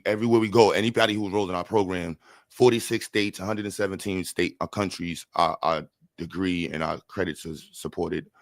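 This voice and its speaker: Energetic New livestream host. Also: male voice, deep voice, no room sound. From New York. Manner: energetic, repeats words, slangy, shouts out chat. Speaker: livestream host raising funds for a school. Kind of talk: casual livestream chat.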